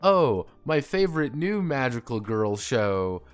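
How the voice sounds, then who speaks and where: A man mimicking a grating woman convention panelist who mispronounces titles, speaking in a slow, sing-song, overly enthusiastic way. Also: mid-range voice, big pitch swings, clean tone, faint music behind. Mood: gushing.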